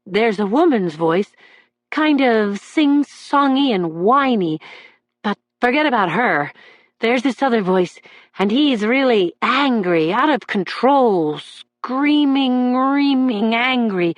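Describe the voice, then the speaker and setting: A man's voice: extremely high pitch, expressive, takes it slowly, no echo, pitched above the performer's own voice, exaggerated voice. A woman reading an audiobook voices a troubled young man on trial, testifying in a raw, pleading way about the voices that haunt him. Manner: anguished, raw and pleading, breaking into shouts. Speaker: defendant testifying in court.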